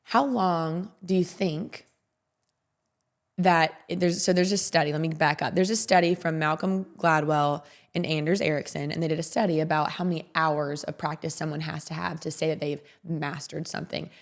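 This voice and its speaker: Woman podcast host, slightly low voice, emotional, rambling, repeats herself. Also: fairly even intonation, normal speed. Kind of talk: casual podcast monologue.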